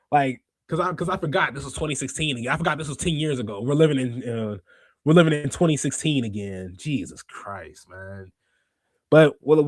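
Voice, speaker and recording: A high-voiced man ranting on a livestream. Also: dry recording. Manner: animated, ranting, laughs often. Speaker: podcast host. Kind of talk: casual livestream commentary.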